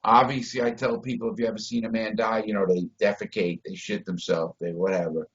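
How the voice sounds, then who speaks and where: A man's voice: fairly low pitch, little pitch movement, a little fast. Blunt, profane man on a dull call. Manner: blunt, profane, swings loud and soft. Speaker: interview guest. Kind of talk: profane storytelling over a video call. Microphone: video call. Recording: dull lo-fi video call audio.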